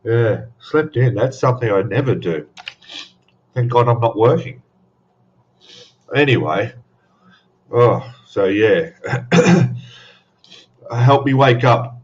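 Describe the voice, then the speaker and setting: A man hosting a casual live stream, just woken up, rambling and laughing as he greets viewers, his voice still rough from sleep. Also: mid-range voice, lively intonation, slow, long pauses, a little mellow, lo-fi sound. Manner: drowsy, rambling, laughs often.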